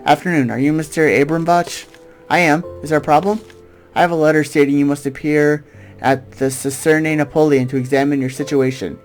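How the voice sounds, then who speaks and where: A man's voice: fairly high pitch, fairly even intonation, a little fast, soft background music, natural voice. A man voicing a formal, curt police officer in a game playthrough.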